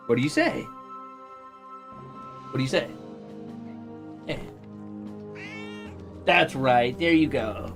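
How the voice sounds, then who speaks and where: A man's voice: mid-range voice, slow, creaky, pauses often, sharp tone, faint music behind. A young man streaming casually, coaxing and teasing his pets with a playful, casual cursing manner. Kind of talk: casual live stream chat.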